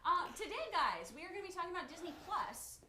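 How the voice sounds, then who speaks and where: A woman's voice: very high voice, big pitch swings, fast, echoey room, a crowd in the background. A young woman co-hosting a live show from a studio, upbeat and bubbly. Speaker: co-host. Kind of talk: casual live-stream chat.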